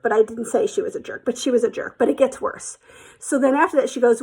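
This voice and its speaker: A woman's voice: on the high side, fairly even intonation, quick pace, creaky, husky. A woman telling a personal story in a casual, chatty way, with lots of fillers, acting out the quotes.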